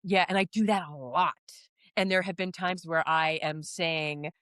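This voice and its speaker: Woman stage actor, casual interview, lively and laughing, slightly low voice, dry sound. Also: normal speed, smooth, no room sound. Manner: animated, laughs often, quotes herself.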